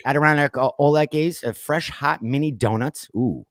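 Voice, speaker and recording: A man's voice: a little high, normal speed, dry recording, studio quality. A man hosting a casual pop culture podcast, chatting loosely and reading off lists with plenty of fillers. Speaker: podcast host. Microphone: streamed call mic.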